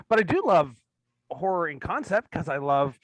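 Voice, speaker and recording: A man's voice: a little high, very animated, a little slow, no echo, low-quality recording. A man hosting a casual chat about movies, joking, rambling and laughing often. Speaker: host of a movie screening show.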